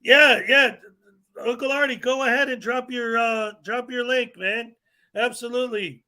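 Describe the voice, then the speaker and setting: A rambling, joking man hosts a relaxed livestream chat. His voice runs high for a man. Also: unhurried. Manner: rambling, joking, laughs often. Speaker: host.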